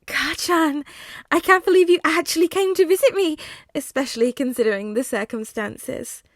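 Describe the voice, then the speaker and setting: A woman's voice: sits high, normal speed, no echo, clean studio sound, pitched above the performer's own voice. A woman playing a sing-song unhinged villain boy. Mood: teasing. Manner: sing-song, teasing, unsettling.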